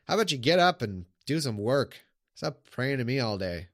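A man's voice: medium pitch, very animated, moderate pace, a bit bright, dry recording, studio quality, pitched above the performer's own voice. A man doing a fed-up, mocking God. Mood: exasperated. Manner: mocking, exasperated, blunt. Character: fed-up male God scolding a whiner.

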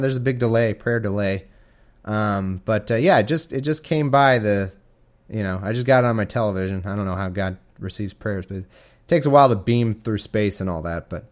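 A man's voice: lowish voice, fairly quick. A young man hosting a casual home podcast, rambling and self-deprecating, with frequent restarts and asides. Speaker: podcast host. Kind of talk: casual chat and scripture reading. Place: home living room with a cat.

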